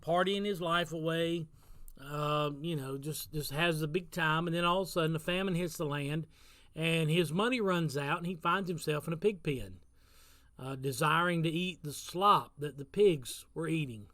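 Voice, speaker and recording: A man's voice: a little high, moderate pace, bright, forceful tone, no echo. A man giving a casual devotional talk as pastor, telling a story in an earnest way and repeating phrases for emphasis.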